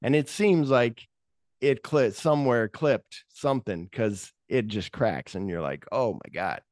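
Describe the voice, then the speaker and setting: A man's voice: medium pitch, animated, unhurried, darkish tone, no room sound. Man retelling movie scenes, dry sound. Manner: rambling, retells scenes in quoted voices. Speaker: podcast host. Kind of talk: casual movie discussion.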